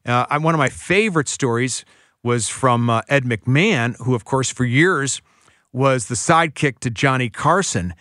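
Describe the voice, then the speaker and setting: A man in the middle of the pitch range is a guest on a radio interview, chatty and full of anecdotes. His voice is recorded dry and close in a studio. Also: normal speed, fairly bright tone, no echo.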